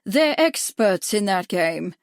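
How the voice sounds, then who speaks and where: A woman voicing a gruff, crafty, hard-of-hearing old male doctor who asks brusque, clipped questions. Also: mid-range voice, big pitch swings, slow, no room sound, studio quality.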